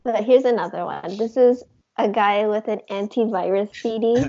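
A woman with a mellow, warm-toned voice chats easily, often answering with short replies and laughing along with the others. Her pitch is in the middle of the range. The sound is muffled and lo-fi. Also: moderate pace. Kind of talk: casual chat. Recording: dull lo-fi recording.

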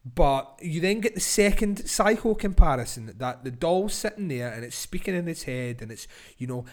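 A man hosting a podcast, cursing, laughing and building into loud film-review tirades. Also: fairly high pitch, animated, moderate pace. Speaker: podcast host. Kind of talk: casual film-review rant.

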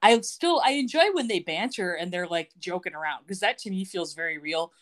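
A woman's voice: lowish voice, animated, brisk. A woman co-hosting a podcast, recapping a TV episode in casual chat, sarcastic and laughing often. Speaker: podcast co-host.

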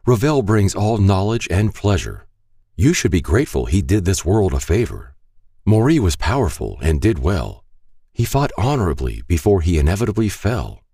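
A man's voice: deep voice, big pitch swings, normal speed, dark tone, husky, no echo, clean studio sound, voice pushed up, full character voice. A man voicing a sinister robed cult guide who speaks smugly in sing-song rhymes. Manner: smug, sing-song rhyming.

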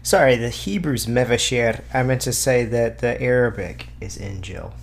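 A Christian apologist with a medium-pitched male voice gives an informal talk at a normal speed. He reads scripture passages aloud, breaking off with casual asides and filler words.

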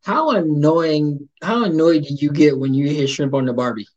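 A man hosting a casual interview, joking around in a playful, animated way. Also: on the high side, moderate pace, muffled recording. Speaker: host.

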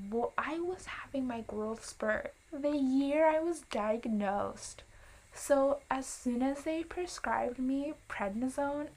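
A young woman chatting to camera at an unhurried pace, her fairly high voice settling into a gravelly fry. She rambles through tangents, apologizes, and adds playful asides as she tells her story. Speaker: vlogger.

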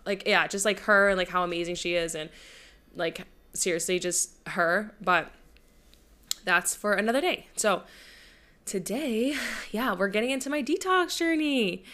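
A young woman hosts her podcast in a loose, rambling way, piling on fillers and swearing freely. Her voice sits a little low and sounds smooth and clear, and she comes across as chatty and unfiltered. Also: normal speed, bright, forceful tone. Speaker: podcast host. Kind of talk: casual chat.

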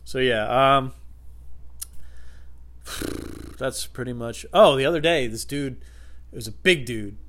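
Animated, swearing young podcast host. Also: male voice, mid-range voice, slow pace, long pauses. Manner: animated storytelling, swearing, bursts into loud impressions. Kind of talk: rambling comedic monologue.

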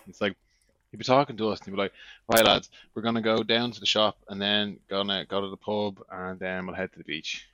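A man with a fairly low voice chatting with his mates and spinning funny anecdotes. The recording is dry and close, with a dull, lo-fi tone. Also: bright, forceful tone, no room sound. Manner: storytelling, mimics a friend's accent for laughs. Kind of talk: casual chat among friends.

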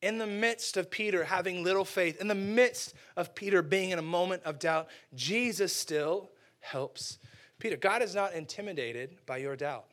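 A man's voice: high-pitched, moderate pace, fairly bright tone. A man preaching a casual, humorous sermon in a conversational way, joking and saying "like" often.

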